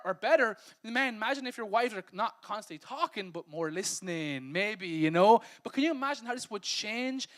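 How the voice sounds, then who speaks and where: A man's voice: high-pitched, fairly bright tone. A male pastor preaching a humorous, conversational sermon and acting out everyday scenes.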